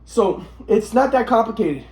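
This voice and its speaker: His high voice is darkish, with lively intonation at a normal speed, heard in an echoey room. This vlogger rambles through his personal story in an agitated, profane way, repeating and restarting sentences.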